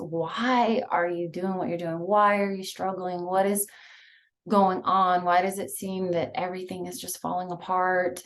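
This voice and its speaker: A woman leading a guided breathing and visualization exercise, talking softly and soothingly with many pauses. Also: on the low side. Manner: slow, soft, soothing guidance with many pauses. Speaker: mindfulness instructor.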